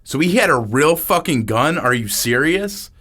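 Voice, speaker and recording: Man voicing a sarcastic young woman, raised pitch, lively. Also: normal speed.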